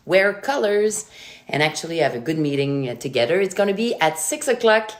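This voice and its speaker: Low-voiced Quebec French woman teaching wine. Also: brisk. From Quebec, Canada. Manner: chatty, lively, switches to French greetings. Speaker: wine educator. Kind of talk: live online wine tasting class.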